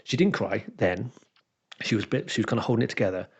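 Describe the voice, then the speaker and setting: A fast-talking man with a husky, lowish voice. As a dungeon master and podcast co-host, he chats casually through a game story, animatedly voicing what his players said. The sound is dull and lo-fi.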